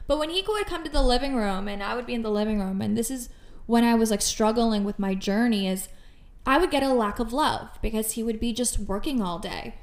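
A woman co-hosting a casual podcast chat, talking in an animated way and often filling with "like" and "you know.". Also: on the high side, a little fast. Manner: animated, chatty, many fillers like "like" and "you know". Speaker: podcast co-host.

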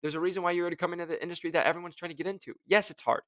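An energetic man hosts a casual motivational talk, talking in a fairly high voice and joking as he acts out what other people might say. The sound is dry and close, with almost no room. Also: rapid-fire, no room sound. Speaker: host.

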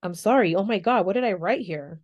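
Frank, expressive woman podcast host. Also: medium pitch, a little fast, muffled recording. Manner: frank and expressive, swears freely, acts out quotes. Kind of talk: candid solo podcast monologue.

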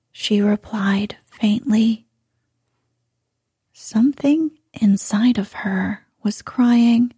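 A woman reading a bedtime story aloud in a soft, hushed, drawn-out delivery. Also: medium pitch, slightly rough, no room sound, studio quality.

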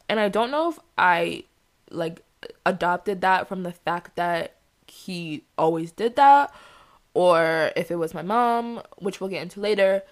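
A young woman hosting a solo podcast, speaking bluntly and heatedly and swearing freely in a candid monologue. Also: mid-range voice. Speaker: podcast host.

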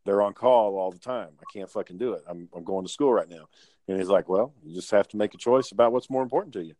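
Profane low-voiced man. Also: quick pace, mellow, dry recording. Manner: profane, storytelling, laid-back. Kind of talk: casual chat.

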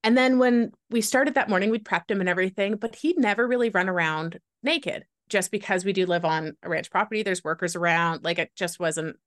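Woman podcast guest, mid pitch, loose rambling storyteller, dry room. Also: brisk, hardly any pauses, no room sound. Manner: rambling, lots of filler "like". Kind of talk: candid conversational storytelling.

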